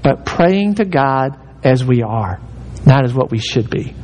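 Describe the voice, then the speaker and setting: A man's voice: lively intonation, a little slow, darkish tone. A pastor preaching an emphatic sermon, urging his listeners and acting out the prayers he quotes. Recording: hall reverb with faint rumble.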